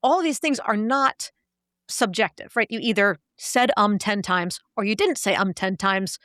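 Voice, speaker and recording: A woman's voice: medium pitch, unhurried, a bit bright, no room sound, clean studio sound. A middle-aged woman, a linguist and executive coach, explaining ideas in a podcast interview and acting out quoted voices to make her points.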